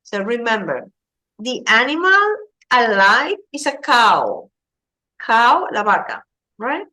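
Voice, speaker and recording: Woman teaching english, slow careful explaining, kinda high voice. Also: big pitch swings, pushed and bright. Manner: slow, patient, explaining vocabulary with Spanish glosses. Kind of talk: online English lesson.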